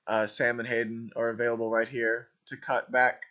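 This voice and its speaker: A man's voice: medium pitch, completely flat delivery, normal speed, very noisy. A man coaching an improv troupe, casually commenting over a video of their scene in a rambling way, full of ums and "right?". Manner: rambling, filler-heavy, keeps asking "right?". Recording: dull lo-fi voice recording.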